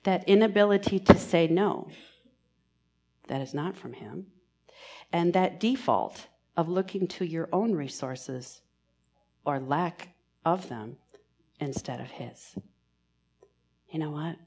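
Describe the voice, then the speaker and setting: A woman giving a sermon in church, earnest and pastoral, moving between emphatic lines and hushed, almost whispered ones. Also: on the low side, lively intonation, slow pace, pauses often. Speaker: preacher.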